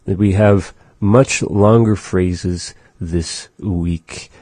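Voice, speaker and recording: A man with a very low, dark voice leads a language lesson from a radio studio. He speaks slowly and patiently, repeating each phrase and breaking it down. The sound is dry and close. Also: steady tone, no echo.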